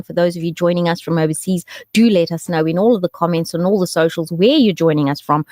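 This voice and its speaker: A woman hosts a radio show, her voice bouncing up and down as she chats and jokes. The sound is dry and close-miked with no room around it. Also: no room sound. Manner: chatty and joking, with lively swoops in pitch and laughs. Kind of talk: casual radio chat and weather.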